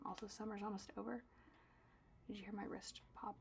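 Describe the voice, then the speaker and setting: A young woman artist chatting casually while she packs her own orders, dramatic and self-mocking, swinging between loud bursts and soft asides. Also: medium pitch, little pitch movement, a little fast, gravelly, slight background noise. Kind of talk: casual vlog chat.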